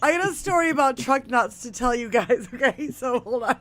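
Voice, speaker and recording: High bright laughing woman storyteller. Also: brisk. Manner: loud, laughing storyteller, swears often. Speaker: podcast co-host. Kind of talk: profane casual chat.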